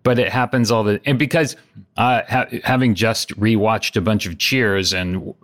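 A middle-aged man with a fairly low voice co-hosts a casual comedy podcast. He riffs on silly ideas in a dry, playful way, dropping small chuckles between lines. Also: fairly even intonation, moderate pace, a bit bright. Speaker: podcast co-host.

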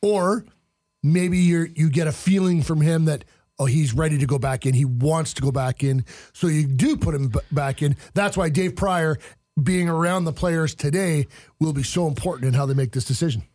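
A man's voice: a little high, normal speed, darkish tone, dry recording, studio quality. A man hosting a sports panel, asking the analysts questions and passing on stories. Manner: asks questions, relays stories. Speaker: host.

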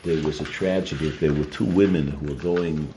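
A man's voice: rumbling low, steady tone, normal speed, mellow. A man teaching a weekly Torah portion class, earnest and explanatory, often restarting and repeating his words. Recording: noisy recording.

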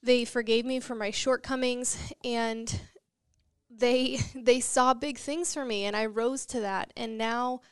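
Young woman, interview guest, earnest motivational tone, smooth higher voice. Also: fairly even intonation, slow, no echo, studio quality. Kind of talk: interview conversation.

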